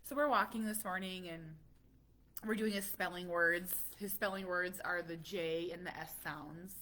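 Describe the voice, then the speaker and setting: A woman talking casually to her viewers about her family, chatty and animated, a little stuffy from a cold. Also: lowish voice, moderate pace. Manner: chatty, animated, laughs often. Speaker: parent vlogger. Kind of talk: casual chat.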